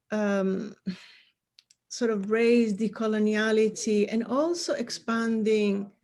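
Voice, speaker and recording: A woman's voice: medium pitch, darkish tone. A woman asking a panel a question, thoughtful and hesitant, winding through long sentences. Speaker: audience member asking a question.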